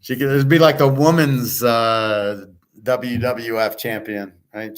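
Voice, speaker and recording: A man's voice: mid-range voice, fairly even intonation, takes it slowly. A man hosting his own channel, chatting casually and rambling as he talks straight to a listener. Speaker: channel host. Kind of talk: casual rambling chat to viewers.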